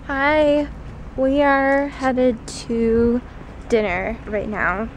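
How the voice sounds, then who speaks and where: A woman's voice: sits high, level tone, extremely slow, slight background noise. Giggly young woman vlogging. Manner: giggly and playful. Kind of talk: casual vlog chat.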